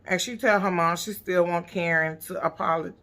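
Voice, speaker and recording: A woman with a gravelly, fry-laden voice and a bright, sharp tone recaps a reality show episode. She talks casually and bluntly, with plenty of profanity and sass. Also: lowish voice, fairly even intonation, normal speed. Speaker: TV recap vlogger.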